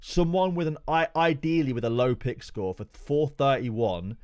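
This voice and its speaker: With a smooth, slightly mellow mid-range voice at normal speed, a young man streams live and chats casually with viewers. His banter with chat is jokey and full of swearing.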